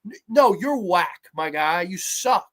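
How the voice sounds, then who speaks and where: On her horror film review program, a woman in her 30s speaks slowly and animatedly, lacing her sarcastic rant with profanity as she shifts from quiet muttering to sudden yells.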